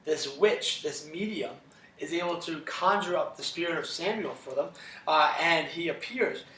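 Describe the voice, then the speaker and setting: A man's voice: on the high side, normal speed, pushed and bright, roomy sound, distant mic. A man teaching a casual classroom Bible lesson, retelling scripture conversationally and checking in with listeners after nearly every sentence. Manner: conversational, checks in with "right?" constantly.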